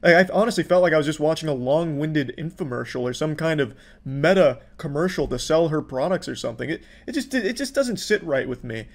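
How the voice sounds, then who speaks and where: This commentary YouTuber's voice runs on the high side, animated and fairly quick with few pauses. He's a man mocking what he has watched, sarcastic and exasperated, swearing freely.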